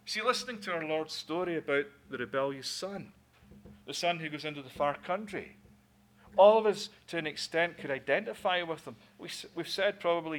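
A man's voice: fairly high pitch, brisk, a bit bright. A man preaching a sermon in an earnest way, often repeating words as he builds a point.

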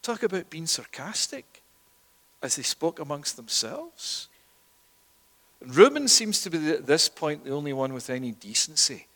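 A man's voice: a little high, very animated, moderate pace. A man preaching a sermon in church, emphatic, often repeating words. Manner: emphatic, rising and louder at key points, with repeated words. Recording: long echo of a church hall.

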